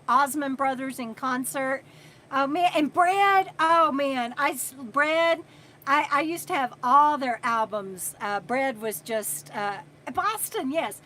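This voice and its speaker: A woman in her sixties hosting a casual livestream, chatting and reading viewer comments aloud between pauses. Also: high-pitched, a bit bright, a little hiss or hum. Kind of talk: casual live chat.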